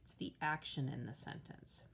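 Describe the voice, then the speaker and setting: A woman's voice: rumbling low, normal speed, vocal fry, a bit bright, slightly rough. A woman teacher patiently walking children through a worksheet step by step, counting aloud as she writes. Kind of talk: slow worksheet walkthrough for children.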